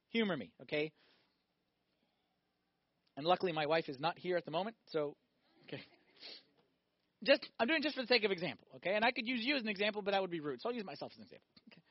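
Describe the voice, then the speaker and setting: A male priest giving a sermon, animated, firing off rhetorical questions and acting out little scenes. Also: sits high, dry recording, lo-fi sound.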